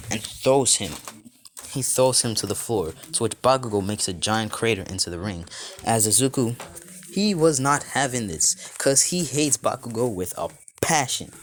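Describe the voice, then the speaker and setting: A man's voice: mid-range voice, lively intonation, moderate pace, a little hiss or hum. A young man improvising a fan fiction story, rambling and restarting sentences as he goes.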